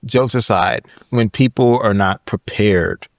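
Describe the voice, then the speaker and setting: Deep-voiced man telling a story. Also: slow, gravelly, dry recording. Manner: animated storyteller, frequent "right?" tags. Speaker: podcast guest. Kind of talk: casual conversation, storytelling.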